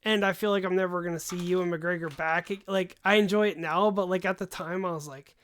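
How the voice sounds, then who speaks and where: A man's voice: high-pitched, brisk, hardly any pauses, clear, resonant tone. Rambling young man hosting a livestream. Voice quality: voice tiring, gives out after long talk. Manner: rambling, animated, frequent sighs and asides. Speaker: host. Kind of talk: casual livestream chat.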